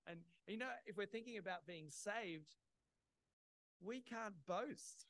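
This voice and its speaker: A man's voice: sits high, unhurried, fairly bright tone, low-quality recording. A man preaching a sermon in a church, explaining things simply and plainly, with small laughs.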